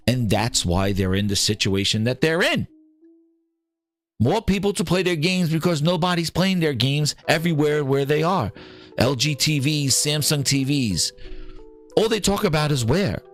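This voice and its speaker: A man hosting a gaming podcast, ranting in a heated, profane and sarcastic way. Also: fairly high pitch. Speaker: podcast host.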